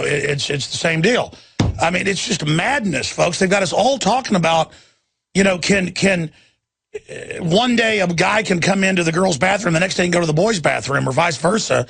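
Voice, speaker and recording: A man hosting a talk radio show, with a gravelly, husky voice that sits a little high for a man. He rants in a heavily sarcastic way and laughs at his own jokes, and the studio sound is dry and close. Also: a bit bright, no room sound.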